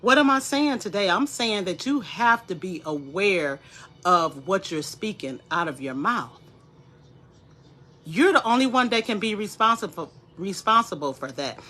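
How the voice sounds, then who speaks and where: Woman, 40s, bright tone, animated motivational vlogger. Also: mid-range voice, a little slow. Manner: animated, preachy, speaks straight to viewers. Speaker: wellness vlogger. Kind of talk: casual motivational talk.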